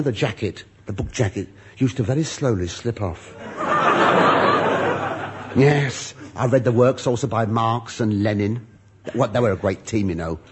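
Camp older male comedian, lively. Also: medium pitch. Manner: camp, innuendo-laden, mock-flustered. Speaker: stand-up comedian. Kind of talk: comic monologue with sketch dialogue. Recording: live audience recording with noise. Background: audience laughter.

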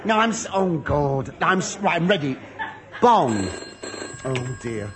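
A man's voice: a little high, big pitch swings, slow pace. An older British-style male comedian giving a camp, innuendo-laden comic monologue, mock-flustered. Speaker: stand-up comedian. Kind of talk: comic monologue with sketch dialogue. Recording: live audience recording with noise. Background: audience laughter.

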